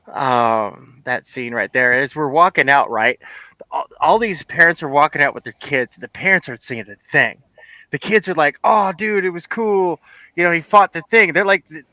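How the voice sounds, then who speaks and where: A man in his forties, co-hosting a podcast, telling an animated story in casual chat and laughing often. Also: medium pitch, no room sound, low-quality recording. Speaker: podcast co-host.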